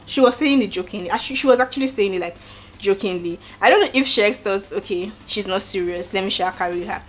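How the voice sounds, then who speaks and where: Woman, Nigerian accent, casual recap host, animated, acts out quotes. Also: mid-range voice, brisk, slight background noise. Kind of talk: casual reality-show recap.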